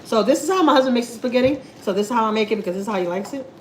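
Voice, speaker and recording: A woman's voice: on the high side, expressive, rapid-fire, darkish tone, slight background noise, poor audio. A woman chatting casually to her live viewers while cooking in her home kitchen. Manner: chatty, slangy, laughing asides. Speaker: family vlogger.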